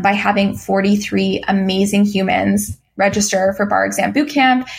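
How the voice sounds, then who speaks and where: A woman's voice: mid-range voice, gravelly. A young adult woman, a podcast guest, talking earnestly in casual conversation with many ums and restarts. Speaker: podcast guest, course creator.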